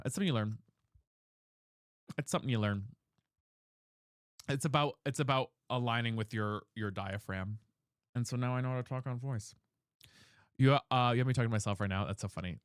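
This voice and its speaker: A man's voice: medium pitch, fairly bright tone, clear, resonant tone, no echo, studio quality. A young man streamer chatting casually with his chat, reading questions aloud and explaining voice technique.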